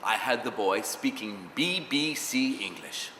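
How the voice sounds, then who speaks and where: Man as a low, unhurried, conceited voice coach; reverb-heavy hall sound. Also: animated, sharp tone, slight background noise. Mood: self-admiring. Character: vain male dialect coach, grandiose. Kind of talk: mockumentary interview acting.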